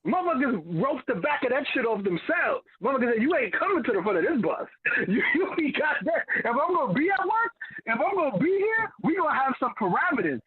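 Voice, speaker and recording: Man co-host, high voice, husky, laughs a lot, swears, phone-line sound. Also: big pitch swings. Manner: fast-talking, laughs often, swears. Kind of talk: casual panel chat.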